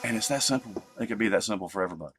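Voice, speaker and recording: A man hosting a livestream, ranting with profanity and swinging between loud outbursts and low muttering. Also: rapid-fire, music in the background. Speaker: livestream host. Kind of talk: heated ranting livestream talk.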